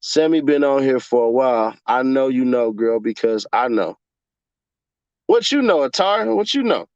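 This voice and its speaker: A young man chatting casually on a livestream and reading his chat aloud, cursing, laughing often, and jumping from mumbling to yelling. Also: medium pitch, lively intonation, moderate pace, dry recording. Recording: dull lo-fi dry sound.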